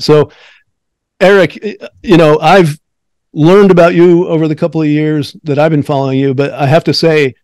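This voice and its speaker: Brief: male interview host, a bit high-pitched, friendly and upbeat, dry close recording. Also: a little mellow, no echo. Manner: upbeat, friendly, with frequent fillers. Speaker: podcast host. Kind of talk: casual interview hosting.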